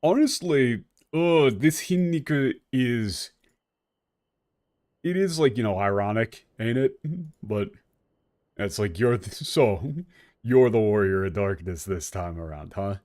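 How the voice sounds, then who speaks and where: A man giving casual, animated commentary on a game stream, who laughs often while comparing two translations of a scene. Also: lowish voice, takes it slowly.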